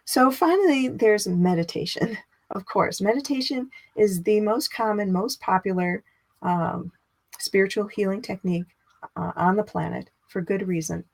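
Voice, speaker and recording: With a medium-pitched voice, a middle-aged woman leads a teaching talk as a spiritual teacher. She's conversational and expressive, raising her voice as she acts out inner dialogue.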